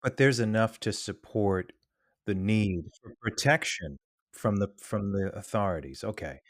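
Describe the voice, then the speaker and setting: A man hosting an interview, asking short, calm follow-up questions. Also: on the low side, unhurried, no echo, clean studio sound. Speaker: podcast host.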